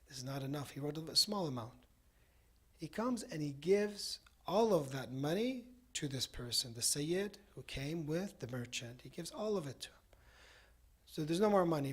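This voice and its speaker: A man delivers a Ramadan night sermon in a mosque, his voice sitting a little above the usual male range. He tells a moral story in a loose, conversational way, with frequent "you know" asides. He moves smoothly from the story into a closing prayer. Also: a little high, fairly bright tone. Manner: ends with a supplication. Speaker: cleric giving a Ramadan night talk.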